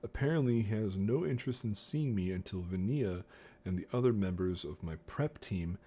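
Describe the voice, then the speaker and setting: Brief: deep-voiced guy reading a novel live, unhurried, jokey asides on a desk mic. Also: animated, mellow, husky. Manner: slow reading broken by joking asides. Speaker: streamer. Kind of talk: casual storybook reading on stream.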